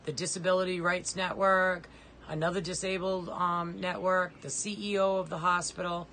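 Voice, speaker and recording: A woman's voice: fairly low pitch, a bit bright, slight background noise, low-quality recording. A middle-aged woman, a mother, making an urgent, pleading personal appeal in plain, direct words. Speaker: mother of a disabled son.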